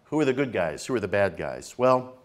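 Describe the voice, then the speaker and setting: A man's voice: lowish voice, big pitch swings, fairly quick. A man giving a public lecture in an earnest way, repeating key phrases for emphasis, with occasional hesitant fillers. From New York, United States.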